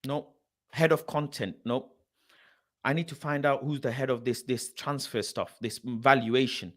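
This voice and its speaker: A young man who hosts a football channel reacts to a screen with an exasperated, mocking rant full of swearing, muttering names as he reads them aloud. His voice is medium-pitched, steady, unhurried and a bit bright.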